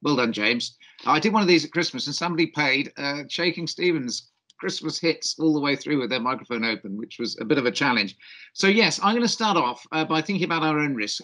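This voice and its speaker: A man's voice: a little high, pushed and bright. A middle-aged man with a faint Australian twang, giving a cheeky, jokey conference keynote as a doctor over a video call. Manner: cheeky, jokey, self-deprecating.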